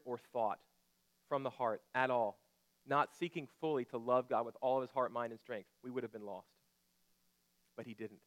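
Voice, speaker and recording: Man preaching with rising emphasis. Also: mid-range voice. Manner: animated preaching, rhetorical questions, drops to soft intensity. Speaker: pastor. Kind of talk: sermon.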